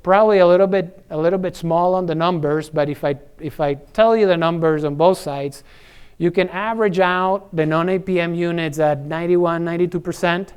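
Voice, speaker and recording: A man's voice: on the high side, fairly even intonation, brisk, clean tone. A middle-aged man giving a conference presentation in a conversational way, with many fillers, repeated words and tag questions. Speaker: energy services executive presenting.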